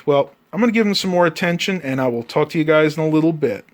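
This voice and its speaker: A man records a casual vlog in his bedroom at home. He talks in an easygoing, rambling way, with ums and uhs scattered through. His voice sits a touch higher than most men's. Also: animated, fast, hardly any pauses. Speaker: vlogger.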